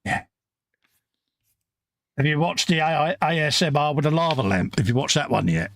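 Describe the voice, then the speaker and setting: A man's voice: fairly high pitch, expressive, moderate pace. A middle-aged man co-hosting a live stream, chatting in a laid-back way and reading out viewer comments. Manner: laid-back, matter-of-fact banter.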